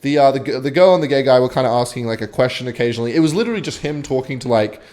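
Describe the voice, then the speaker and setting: A young man telling a rambling, swear-filled story while commentating his own gameplay, with sudden excited outbursts. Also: mid-range voice, racing. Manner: animated, swearing, bursts of excitement while playing. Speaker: gaming vlogger.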